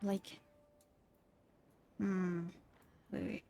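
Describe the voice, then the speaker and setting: Slow, giggly woman streamer. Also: medium pitch, little pitch movement, creaky, dark tone. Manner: giggly, stammering restarts. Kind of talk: casual gameplay commentary.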